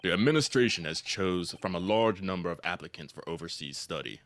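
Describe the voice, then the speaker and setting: A man voicing an elderly, formal male forensic professor in a video game, in a slightly gravelly, measured voice. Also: low voice, lively intonation, fairly bright tone. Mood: solemn.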